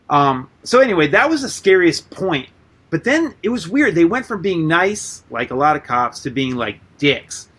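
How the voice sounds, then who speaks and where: A man guest on a radio interview, telling rambling stories in a loose, animated way, full of "like" and casual swearing. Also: on the high side, normal speed, slightly rough. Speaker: guest artist and musician.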